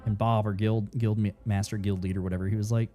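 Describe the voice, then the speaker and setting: A man's voice: fairly low pitch, level tone, fast talker, mellow, soft background music. A man chatting casually while streaming a game, rambling and swearing freely, his throat dry. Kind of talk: casual gameplay commentary. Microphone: studio desk mic.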